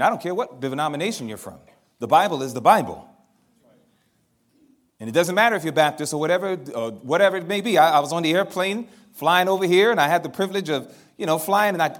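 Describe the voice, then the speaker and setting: A male minister preaching a sermon, telling stories with animated delivery and acting out the dialogue. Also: a little high.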